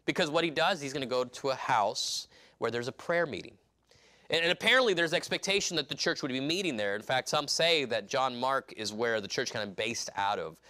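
Man, preacher, sermon, reads scripture, acts out scenes, bright ringing voice. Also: medium pitch. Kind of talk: expository sermon.

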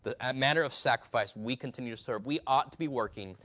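A male pastor preaching a sermon, emphatic, swinging between loud and hushed delivery. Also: medium pitch, quick pace.

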